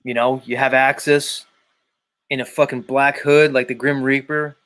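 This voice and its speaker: A man's voice: medium pitch, flat delivery, normal speed, fairly bright tone. A man hosting a livestream, chatting casually and reading viewer comments, rambling with lots of fillers and swearing. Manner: rambling, profane, thinks aloud with many fillers. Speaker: livestream host.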